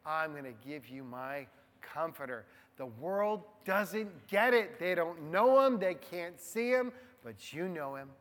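A man preaching a sermon to a group of men in a conversational way, swinging between hushed low asides and loud, emphatic stresses. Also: lively intonation, slow pace. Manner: conversational, addresses the men in the room. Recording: long hall reverb.

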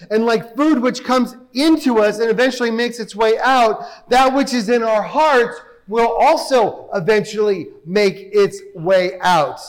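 A man's voice: high-pitched, in a large hall, poor audio. A man preaching a sermon, reading scripture aloud and pressing his listeners with emphatic rhetorical questions.

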